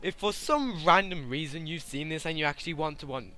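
A young man doing excitable gameplay commentary, laughing often and shouting at the game. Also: a little high, fairly quick. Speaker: gaming YouTuber.

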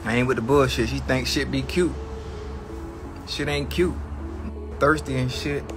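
A man's voice: mid-range voice, fairly even intonation, a little slow, over music. A man ranting to his livestream chat in a comedic, mock-outraged way, slangy and profane, repeating lines for effect.

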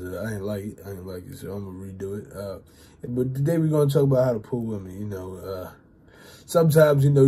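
Husky, mellow young man rambling. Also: on the low side. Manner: loose and rambling, heavy fillers and swearing. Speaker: YouTuber giving dating advice. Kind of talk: casual rambling monologue.

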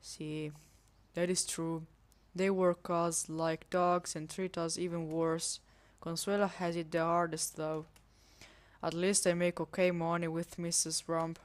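A woman's voice: on the low side, flat delivery, a little slow, close to an everyday voice. A woman voicing a worried, cautious adult housemaid in a put-on Spanish accent, speaking careful, slightly broken English while reading a game aloud.

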